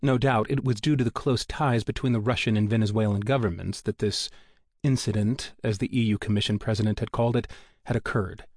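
An audiobook narrator reads a novel aloud in a scripted, measured, even storytelling style. His voice is fairly low, and the recording is dry and of studio quality.

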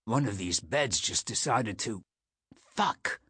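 A man's voice: fairly low pitch, lively intonation, slow pace, sharp tone, breathy edge, no room sound, studio quality, full character voice. A man voicing a sick teenage boy who grumbles and makes wry jokes. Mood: grumbling. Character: sick sixteen-year-old boy, grumbling and joking.

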